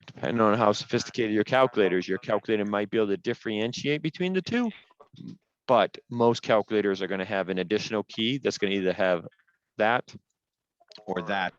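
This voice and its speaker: A man's voice: fairly low pitch, brisk, lo-fi sound. A man teaching an online class over a headset, explaining step by step in a patient way and stressing the rules firmly.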